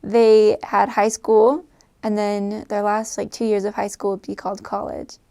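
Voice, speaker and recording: Young woman chatting, slight vocal fry. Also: medium pitch, flat delivery, a little slow. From United States. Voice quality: filler-heavy, laughing often, trailing off softly. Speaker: vlogger. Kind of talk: casual chat.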